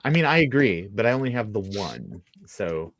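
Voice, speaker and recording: A man chatting as a guest on a casual livestream, halting and joking about his own gear troubles. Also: lowish voice, sing-song. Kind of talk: casual group livestream chat. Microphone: video call.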